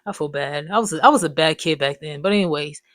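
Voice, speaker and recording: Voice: mid-range voice, fast talker, fairly bright tone, dry recording. Rambling, cussing storyteller in their twenties. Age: 20s. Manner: rambling, profane, loose slangy talk. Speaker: vlogger telling life stories. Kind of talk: casual storytime monologue.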